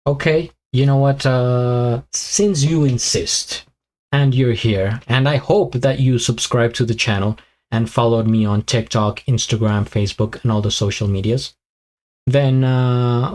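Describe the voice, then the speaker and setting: A man's voice: medium pitch, a little slow, darkish tone. Chatty man with a tiring voice. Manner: rambling, thinks aloud with many fillers and restarts. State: voice tiring and weakening. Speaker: host of a live reaction stream. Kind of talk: casual live commentary, chatting with viewers.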